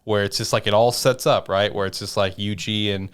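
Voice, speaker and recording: A man co-hosting an anime podcast who swears freely and retells scenes in an animated way. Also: lowish voice, fairly quick, clean tone. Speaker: podcast co-host. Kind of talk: casual anime recap chat.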